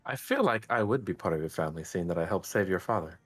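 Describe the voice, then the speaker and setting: Guy doing a nosy cheeky adventurer, deep husky voice. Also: lively intonation, quick pace, soft background music. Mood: prying. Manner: prying, cheeky. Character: nosy, pushy male adventurer.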